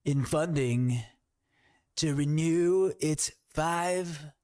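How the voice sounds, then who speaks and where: A man's voice: a little high, extremely slow, a little mellow, pitched above the performer's own voice. A man putting on a boastful older male politician who rambles and repeats himself. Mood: rambling.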